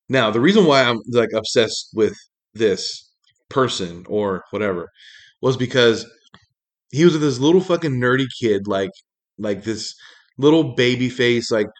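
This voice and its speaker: A man ranting casually in a monologue, exasperated and profane, rambling with many fillers. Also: medium pitch.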